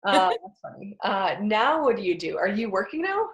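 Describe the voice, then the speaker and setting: Woman, interview host, middle pitch, conversational, short follow-up questions, echoey room. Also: very animated, moderate pace. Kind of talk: casual interview. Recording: roomy echo.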